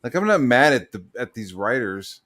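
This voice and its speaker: A man's voice: medium pitch, big pitch swings, normal speed, fairly bright tone. A man hosting a podcast in crude casual chat, swearing often, laughing and doing mocking impressions. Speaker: podcast host.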